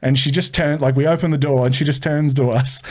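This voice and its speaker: A man's voice: a little high, a little fast. A young man telling a story as a podcast guest, swearing freely and acting out the people in it. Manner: animated, swearing, acts out the people in his story. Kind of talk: casual storytelling.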